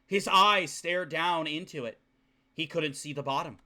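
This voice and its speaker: A young male streamer reading game text aloud in a hushed low voice and breaking off into profane rants at his chat. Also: sing-song, moderate pace.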